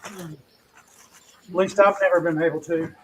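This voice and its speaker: A man's voice: sits high, slow, slight background noise, low-quality recording. Folksy man home cook chatting. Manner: folksy, relaxed, with fillers and folksy sayings. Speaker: co-host cook. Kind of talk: casual chat.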